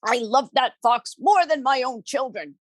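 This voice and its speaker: A woman's voice: high-pitched, expressive, a little slow, no echo, clean studio sound, voice pushed up. A woman voicing an angry king ranting that he will kill the woodcutter. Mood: furious. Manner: ranting and blustering. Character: furious king who loves his pet fox.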